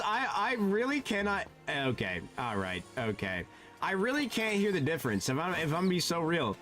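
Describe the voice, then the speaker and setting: Guy streaming a game, kinda high voice, gets all flustered and jumpy, faint music behind. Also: moderate pace. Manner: animated, flustered, laughing, swings high and low. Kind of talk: casual live-stream chat.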